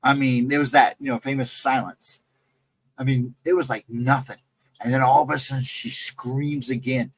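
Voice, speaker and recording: A man's voice: medium pitch, steady tone, normal speed, poor audio. A man casually telling a ghost story from a camping trip, rambling loosely and repeating himself as he goes. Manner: rambling, loose, repeats "I mean" and "you know". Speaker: guest storyteller on a live stream.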